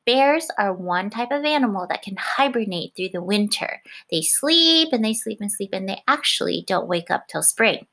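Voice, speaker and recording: A young adult woman teacher reading a picture book aloud to her class, expressive, with gasps and questions to the children. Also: mid-range voice, moderate pace, hardly any pauses. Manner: expressive, gasping, asks questions.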